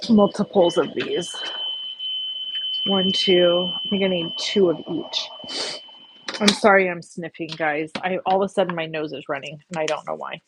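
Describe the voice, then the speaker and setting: A woman's voice: lowish voice, steady tone, moderate pace, background noise. A woman hosting a card-making livestream, chatting casually with viewers as she works, reading their comments aloud and cussing a little. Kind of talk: casual chat while crafting live.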